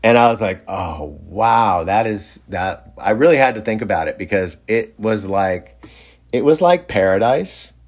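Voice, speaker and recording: A man telling a rambling story in a casual way, with many fillers and lively quoted voices. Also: lowish voice, unhurried.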